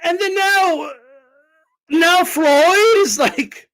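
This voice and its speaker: A man hosting boxing commentary, ranting in a casual, profane, incredulous way and bursting into shouts. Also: very high-pitched, very slow. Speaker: boxing commentator, channel host.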